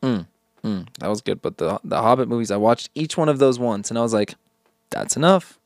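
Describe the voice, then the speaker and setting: A man's voice: fairly low pitch, brisk, darkish tone, no echo, clean studio sound. A young man co-hosting a casual podcast chat, joking and swearing freely. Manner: joking, swears freely, breaks into silly voices. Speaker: podcast co-host.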